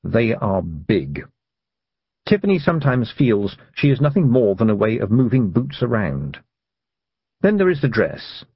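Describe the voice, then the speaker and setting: A man narrating an audiobook for young readers in a lively, expressive reading style. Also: mid-range voice, moderate pace, breathy edge, no echo, highs cut off. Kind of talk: scripted storybook narration.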